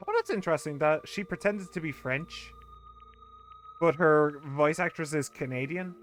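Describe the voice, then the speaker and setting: A man's voice: fairly high pitch, moderate pace, a bit bright, soft background music. A man giving casual let's play commentary, musing aloud in rambling asides with restarts.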